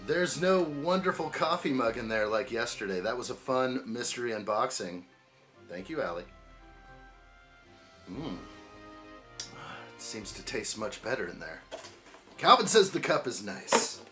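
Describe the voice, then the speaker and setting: A man's voice: mid-range voice, expressive, unhurried, long pauses, pushed and bright, faint music behind. A man hosting a building live stream, chatting in an upbeat way and greeting viewers by name. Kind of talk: casual live-stream chat while building.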